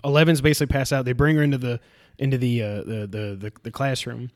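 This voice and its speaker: A man's voice: mid-range voice, quick pace. A man in casual chat, recapping a show and acting out its scenes in a raised voice. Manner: animated retelling, acts out scenes in a raised voice.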